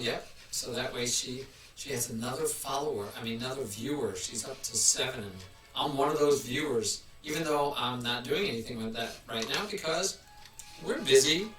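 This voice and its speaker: A man's voice: mid-range voice, bright, forceful tone. A man hosting a casual live stream, chatting in a rambling way and restarting his sentences often. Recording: roomy, mic at a distance.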